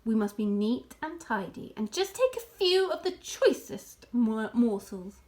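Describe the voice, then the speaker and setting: A woman's voice: a little high, big pitch swings, measured pace, darkish tone. A woman reading aloud and voicing a proud, showy male fox who talks in a grand, relishing way. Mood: gleeful. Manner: grand, relish-filled, commanding.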